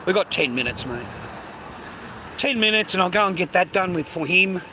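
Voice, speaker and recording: A man's voice: high-pitched, lively intonation, normal speed, background noise. An Australian man streaming a casual, rambling walk-and-talk outdoors on a street near the beach, swearing constantly and ending lines with mate and bro.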